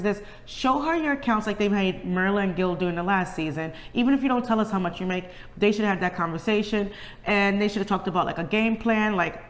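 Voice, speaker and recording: Woman, mid pitch, casual review co-host, acts out quotes, reverberant room. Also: fast. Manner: chatty storyteller, acts out the cast's lines. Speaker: co-host of a reality TV review channel.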